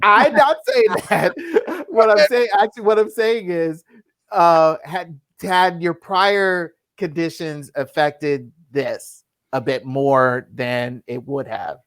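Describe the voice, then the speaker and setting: A man in casual podcast chat who asks a sensitive question in a halting, careful way. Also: on the high side, fairly bright tone, dry recording, clean studio sound. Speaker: podcast co-host.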